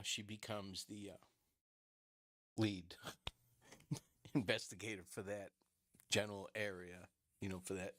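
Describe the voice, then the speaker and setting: A man's voice: fairly low pitch, fairly bright tone. A man talking through a true-crime case in casual solo commentary, rambling with many fillers and restarts, laughing often and swearing bluntly.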